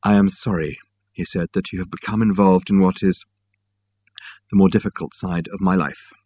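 A man doing a shaken, formal old gentleman. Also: low-pitched, steady tone, slightly rough. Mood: grave. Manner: formal, halting, earnest. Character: eccentric old man, polite, shaken and grave.

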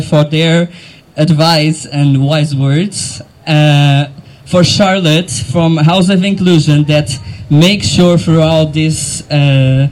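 A man's voice: on the high side, poor audio. Emotional man hosting an outdoor event. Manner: emotional, halting, laughing between words. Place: outdoor event crowd gathering.

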